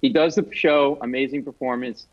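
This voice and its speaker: A man telling a comic story as a guest comedian, animated and self-mocking. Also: medium pitch, normal speed, lo-fi sound.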